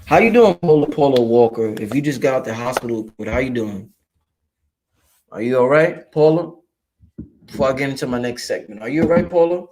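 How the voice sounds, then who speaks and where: A man's voice: medium pitch, brisk, a little hiss or hum. A man from Brooklyn, New York hosting a casual livestream, talking loosely and profanely while reading and answering viewer chat. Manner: animated, profane, streetwise, addresses viewers directly.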